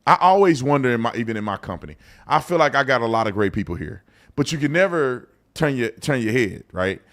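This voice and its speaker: Animated man telling a story. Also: medium pitch, fairly quick. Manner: animated storyteller, acts out both sides of a phone call. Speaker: show host and business owner. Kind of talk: storytelling monologue on a live show.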